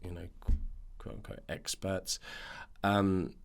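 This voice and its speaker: A man's voice: low voice, level tone, slow pace, vocal fry. A man hosting a nutrition podcast, ranting in a casual monologue full of fillers and restarts.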